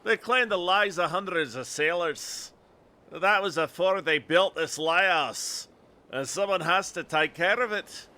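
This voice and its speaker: A man voicing a paranoid old Scottish lighthouse keeper in a put-on Scottish accent, with a rough, ominous way of talking. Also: sits high, a little slow, bright, forceful tone, voice pushed up.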